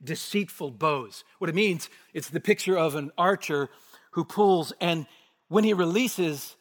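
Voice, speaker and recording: A man preaching an expository sermon, emphatic, rising to forceful bursts and dropping to hushed asides. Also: a little high, a little slow. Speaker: pastor. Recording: long hall reverb.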